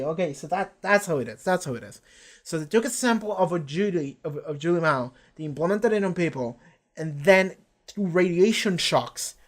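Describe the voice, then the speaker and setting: A man hosts a casual live reaction stream from a home setup, his voice sitting a bit higher than most men's. He talks in a rambling, excitable way, swears freely and slips into the characters' lines as he recaps the episode. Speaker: reaction channel host.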